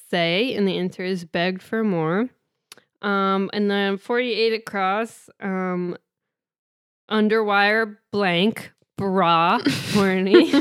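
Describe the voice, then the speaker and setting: A woman's voice: medium pitch, smooth, no room sound, studio quality. A woman co-hosting a casual chat about crossword puzzles, teasing and giggling through her sentences. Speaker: podcast co-host.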